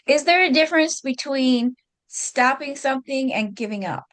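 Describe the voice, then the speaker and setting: A woman with a high voice asks the host a follow-up question. She sounds tentative and keeps her questions short. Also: expressive, normal speed, fairly bright tone. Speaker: audience member asking questions.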